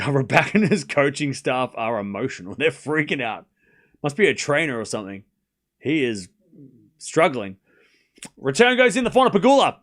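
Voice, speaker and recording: A man hosting a live stream, calling tennis play-by-play in a chatty, excitable way, joking about the crowd and talking to his viewers. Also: mid-range voice, normal speed, pauses often. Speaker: stream host.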